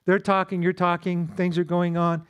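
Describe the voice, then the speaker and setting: A man's voice: high voice, completely flat delivery, moderate pace, a bit bright, clean tone. Man teaching a church marriage seminar. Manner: conversational, with self-deprecating humor and acted-out quotes. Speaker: pastor leading a marriage seminar.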